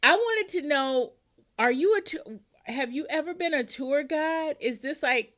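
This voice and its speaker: A woman's voice: sits high, animated, a little slow, a bit bright. A woman hosting a book podcast in a chatty, rambling way, laughing often as she talks. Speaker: podcast host. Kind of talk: casual interview chat.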